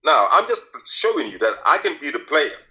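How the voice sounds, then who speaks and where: Combative male caller, bright forceful voice, a bit high. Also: sing-song, brisk, poor audio. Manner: insistent, combative, demands to finish. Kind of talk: heated call-in debate.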